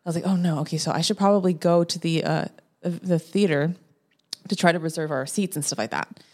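A woman guest on a podcast, telling a story in a casual, animated way and acting out her own lines. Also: fairly quick. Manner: animated, acts out her own quotes with rising pitch.

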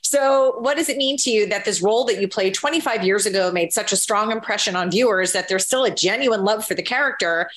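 A woman's voice: medium pitch, brisk, few pauses, a bit bright. A woman interviewing a guest and asking long, flowing questions.

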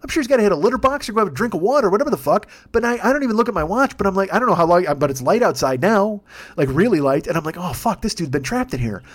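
A man hosting a podcast, telling a rambling comic story in a casual, swearing, animated way. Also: high voice, rapid-fire. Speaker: podcast host. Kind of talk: comedic storytelling.

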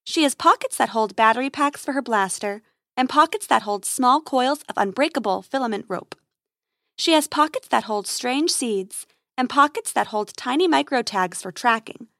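A woman narrating a children's space adventure story in a lively, expressive read-aloud manner. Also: on the high side, moderate pace, no echo, studio quality.

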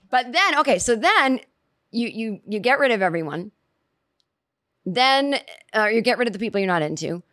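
A woman hosting a podcast, telling a comedic story in a rambling, animated way and voicing her own asides. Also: on the high side, moderate pace, pauses often, no echo, clean studio sound. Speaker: podcast host. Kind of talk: comedic monologue.

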